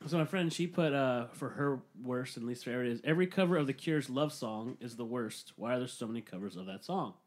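A man chats on a casual podcast at an ordinary, middle pitch. He jokes around with his friends, laughs a lot and drops the odd swear word. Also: a little fast, hardly any pauses. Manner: joking, laughs often, swears. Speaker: podcast host. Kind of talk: casual chat.

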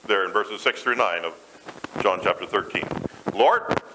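A man's voice: deep voice, normal speed, background noise. A man preaching a sermon to a church, talking conversationally and putting questions to the congregation. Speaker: pastor.

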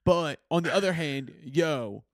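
A man's voice: a little high, unhurried, no echo, studio quality. A young man from Philadelphia hosting a podcast over a video call, laughing often and swearing freely in casual chat. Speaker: podcast host.

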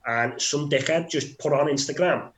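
A man's voice: a little high, normal speed, slight background noise. A man co-hosting a podcast, getting heated and swearing a lot as he rants in casual chat. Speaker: podcast co-host. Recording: roomy echo.

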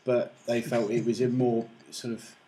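A man's voice: mid-range voice, little pitch movement, normal speed, dark tone. Male co-host, laid-back trivia sharer, casual swearing. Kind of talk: casual chat about video games.

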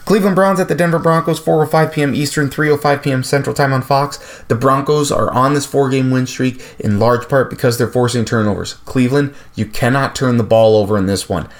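A man's voice: medium pitch, fairly even intonation, fairly quick, few pauses. A man hosting a sports podcast, running through game picks with frequent fillers and restarts. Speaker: podcast host.

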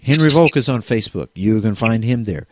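A man co-hosting a podcast in casual chat, jokey and animated, stumbling over words now and then. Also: fairly low pitch, fairly quick, a little hiss or hum. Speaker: podcast co-host.

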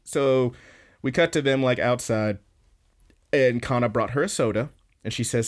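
A man co-hosting a podcast, casually recapping an anime episode with lots of fillers and quick laughs. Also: mid-range voice. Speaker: podcast co-host.

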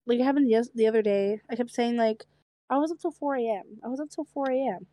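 A young woman co-hosts a casual podcast with a slight stutter and a lisp. Her voice sits a little high, and she talks in a chatty way, laughing often. The sound is dry and close. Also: dark tone, dry recording. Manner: chatty, quick to laugh, repeats herself when tired. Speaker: podcast co-host. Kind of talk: casual chat.

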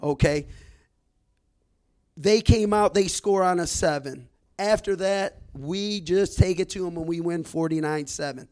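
A man in his forties from Detroit telling a long story on a podcast. He talks in an animated way and repeats words as he builds his story. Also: high voice, a little slow. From Detroit, Michigan. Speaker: guest storyteller.

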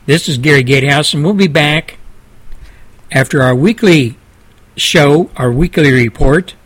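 An older man hosting a radio show, delivering a fiery, preachy monologue with swings between loud and low intensity. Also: unhurried, breathy edge, rough recording. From Southern United States.

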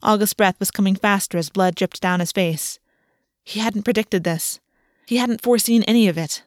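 A woman narrating a fantasy novel chapter in a steady, even reading voice. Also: mid-range voice, moderate pace, dry recording, clean studio sound. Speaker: audiobook narrator. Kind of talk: scripted narration.

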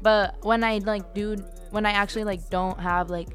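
A young woman co-hosting a student podcast in easy, casual chat. She talks at an everyday middle pitch, rambling through "like" and restarts and swearing offhandedly. Faint music plays underneath. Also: fairly even intonation, normal speed. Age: young adult.

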